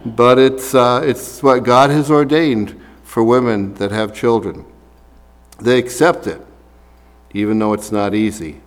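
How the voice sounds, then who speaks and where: A man's voice: mid-range voice, fairly even intonation, measured pace, clean tone, in a large hall. A man preaching a sermon as a pastor, talking casually with fillers and reading scripture aloud.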